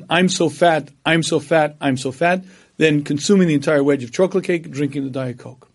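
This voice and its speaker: A man lecturing on religion, his voice sitting fairly high for a man. He mixes stories with teaching, acts out the people in them, and keeps pausing to clear his throat. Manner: storytelling, animated quoting of others.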